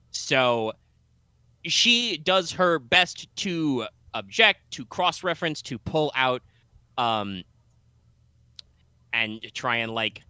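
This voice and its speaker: Bright-voiced rambling game master. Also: male voice, mid-range voice, smooth, no room sound. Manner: rambling, full of fillers and restarts. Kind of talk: narrating a tabletop game.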